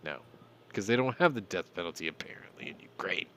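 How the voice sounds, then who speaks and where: A man's voice: low-pitched, expressive, fairly quick, fairly bright tone. A man hosting a casual news commentary podcast, irreverent and swearing, with ranting asides. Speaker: podcast host.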